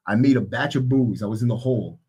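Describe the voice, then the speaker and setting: A man hosting a podcast, telling animated stories in casual chat, swearing and jumping into a higher voice for quotes. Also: fast, breathy edge, highs cut off. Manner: animated storyteller who acts out quotes in a raised voice, swears freely.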